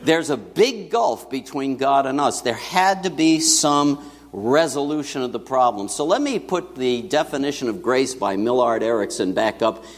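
Male pastor, lively pitch, chatty preaching style, long church reverb. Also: moderate pace. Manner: conversational preaching with asides to the congregation. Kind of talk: sermon. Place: church sanctuary.

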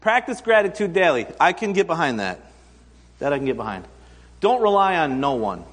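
A man's voice: a little high, big pitch swings, brisk, fairly bright tone. A man in his thirties preaching a conversational sermon, telling stories and acting out quoted voices for humor. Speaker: pastor. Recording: long hall reverb.

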